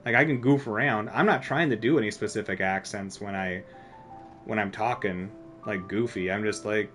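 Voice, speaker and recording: A man's voice: fairly low pitch, moderate pace, a bit bright, faint music behind. A man streaming a video game, chatting casually in a rambling, self-deprecating way full of filler words. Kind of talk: casual gameplay commentary.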